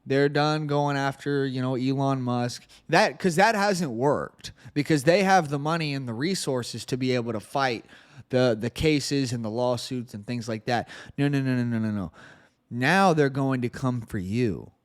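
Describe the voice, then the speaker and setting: Male podcast host, sarcastic political monologue, average pitch, reads quotes fast. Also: smooth.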